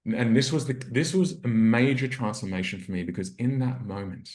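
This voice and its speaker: A man's voice: medium pitch, normal speed, darkish tone. A man who is a relationship coach, telling a personal story in an earnest, reflective way and acting out his inner dialogue. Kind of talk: storytelling in a podcast interview. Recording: roomy echo.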